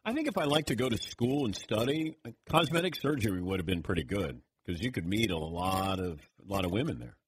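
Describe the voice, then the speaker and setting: A man's voice: fairly low pitch, animated, a little fast, few pauses, husky. A man hosting a radio talk show, taking calls and joking with his crew. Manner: joking, laughs often, acts out voices in stories. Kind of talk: casual sports radio chat.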